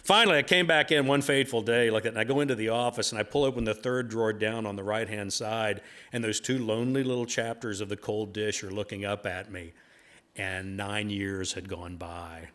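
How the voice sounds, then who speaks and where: A man's voice: fairly low pitch, fairly even intonation, fairly quick, fairly bright tone. A middle-aged man telling a folksy, rambling story at a bookstore talk, with plenty of fillers along the way. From United States. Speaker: author giving a talk.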